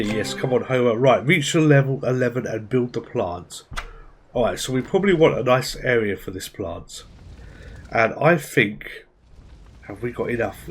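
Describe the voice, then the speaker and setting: A man's voice: mid-range voice, a little hiss or hum. A man giving casual, chatty commentary as he plays a game at his PC, thinking aloud with little asides. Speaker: gaming channel host.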